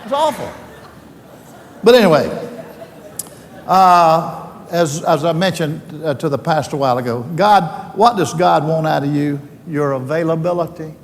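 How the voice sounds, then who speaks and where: An older man with a Southern drawl tells folksy stories and preaches in a homespun, joking way. His voice sits high for a man. It rings through a large hall over a faint low rumble. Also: measured pace. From Alabama, US. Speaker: speaker addressing a team. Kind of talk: folksy faith talk with stories.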